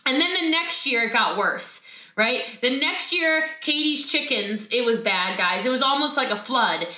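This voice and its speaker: A woman giving an animated, emphatic motivational talk over a video call, telling a story with asides. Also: high voice, moderate pace. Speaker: motivational speaker. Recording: roomy echo.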